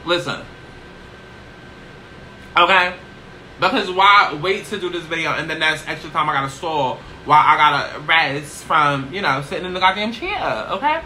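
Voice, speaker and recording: Bright, brash, sassy woman vlogger. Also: low-pitched, normal speed, a little hiss or hum, low-quality recording. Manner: brash, profane, sassy, keeps asking "okay?". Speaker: YouTuber. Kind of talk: casual get-ready-with-me chat. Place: seated low in a small chair indoors.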